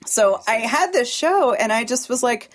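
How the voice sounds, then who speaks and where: A woman guest on a radio talk show, telling her story in a blunt, animated way with frequent laughs. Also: fairly high pitch, normal speed. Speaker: guest artist. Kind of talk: casual chat. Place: radio studio.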